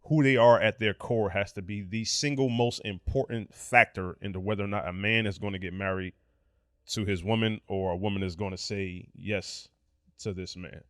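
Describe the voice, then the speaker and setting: A man's voice: fairly low pitch, steady tone, moderate pace, fairly bright tone, no room sound, clean studio sound. A man co-hosting a casual podcast chat, talking in a slangy, blunt way and swearing freely. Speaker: podcast co-host.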